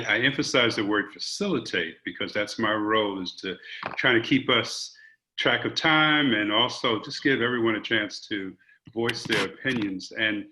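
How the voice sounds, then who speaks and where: Man, video-call panel moderator, bright tone, earnest, restarts phrases. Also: lowish voice. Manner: earnest, repeats words while thinking. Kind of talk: virtual panel facilitation.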